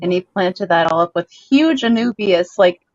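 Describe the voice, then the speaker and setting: A woman's voice: fairly low pitch, animated, normal speed, darkish tone, no room sound, highs cut off. Chatty woman with a slight New York accent. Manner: chatty, laughs often. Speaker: host. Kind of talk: casual group chat.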